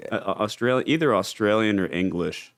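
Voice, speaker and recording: A man appearing as a comedian guest on a podcast, talking in a relaxed, casual way with some hesitation. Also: on the low side, fairly quick, gravelly. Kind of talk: casual chat.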